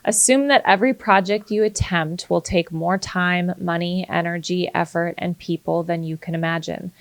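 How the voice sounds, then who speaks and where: A woman real estate agent co-hosting a podcast, talking fast in casual chat. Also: on the low side, creaky, no echo.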